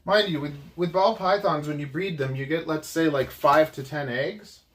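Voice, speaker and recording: A man's voice: fairly high pitch, fairly even intonation, moderate pace, fairly bright tone. A young man chatting casually on a livestream, rambling, teasing and laughing often. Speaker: snake keeper and livestream host.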